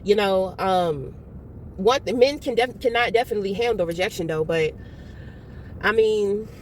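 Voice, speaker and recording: A woman giving a casual tarot reading, talking bluntly and with plenty of swearing as she tells stories with animated energy. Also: mid-range voice, moderate pace, a little hiss or hum. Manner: blunt and profane, animated storytelling. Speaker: tarot reader.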